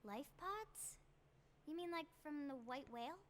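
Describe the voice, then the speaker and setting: A woman's voice: high voice, lively intonation, unhurried, a bit bright, a little hiss or hum. An actress playing a sarcastic, cheeky young female engineer in a video game. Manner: sarcastic, chirpy.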